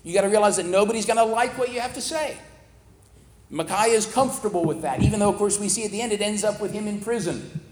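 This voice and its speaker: A man with a notably high voice teaches through a Bible passage in a relaxed, explaining way. The sound is roomy, with a long reverb trailing each phrase as if recorded in a large hall. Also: fast talker. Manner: conversational, plain-spoken explaining.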